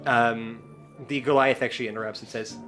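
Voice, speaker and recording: A man's voice: medium pitch, steady tone, fairly quick, a bit bright, soft background music. A man narrating as game master in a loose, filler-heavy way.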